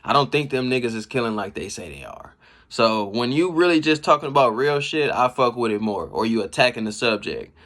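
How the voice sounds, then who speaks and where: A man giving casual, slangy commentary on rap battle bars. He reacts with laughs and shouts as he explains each line. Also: mid-range voice, big pitch swings, fairly quick. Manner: slangy street talk. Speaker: battle rap breakdown host.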